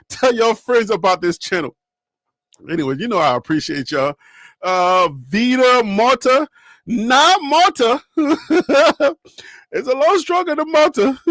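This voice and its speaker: A young man hosts a sports live stream from home, laughing often and talking right to his viewers. His voice sits high, and the sound is close and dry with no room echo. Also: fairly bright tone. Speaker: sports show host. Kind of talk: casual live-stream chat.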